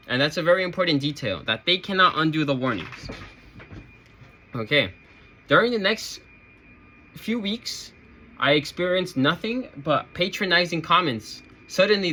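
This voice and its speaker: A man's voice: fairly high pitch, pushed and bright, breathy edge. Aggrieved man venting about work. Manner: aggrieved, sarcastic, rambling. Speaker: retail store worker. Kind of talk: casual storytelling to camera.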